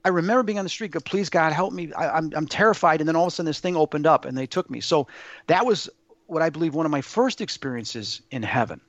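Earnest rambling man, slightly high voice. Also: big pitch swings, fast, no echo, muffled recording. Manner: earnest, rambling, with many fillers and restarts. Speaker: guest sharing personal experiences. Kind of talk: casual spoken storytelling.

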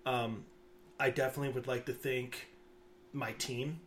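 A man co-hosting a podcast, talking casually in a halting way with many restarts and fillers. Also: mid-range voice, fairly even intonation, a little hiss or hum. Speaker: podcast co-host. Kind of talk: casual chat.

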